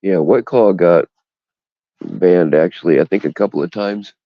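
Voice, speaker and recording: A man's voice: sits low, moderate pace, no room sound, dull audio. A man hosting a casual livestream chat, talking bluntly and profanely in indignant rants, recorded on a phone. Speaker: livestream host. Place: outdoors in the cold.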